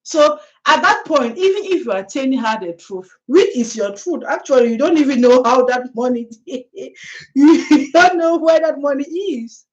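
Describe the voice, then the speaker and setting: A woman's voice: high-pitched, animated, normal speed, dull audio. A woman vlogger telling a story in a chatty way, laughing often and talking straight to the viewer. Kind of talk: casual storytelling commentary.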